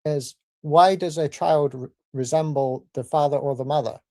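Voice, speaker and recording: A man giving a formal debate rebuttal in a measured, argumentative way. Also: fairly high pitch, mellow, no echo.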